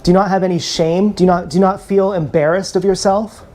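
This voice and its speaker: A man's voice: high voice, steady tone, fast talker, darkish tone. A man ranting bitterly and with contempt on a live stream, often repeating himself, filmed on an action camera. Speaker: vlogger.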